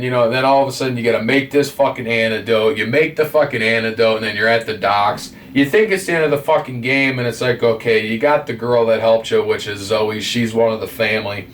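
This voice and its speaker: A man giving a rambling game review, full of constant swearing and animated retelling. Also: mid-range voice, distant mic. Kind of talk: profane ranting game review.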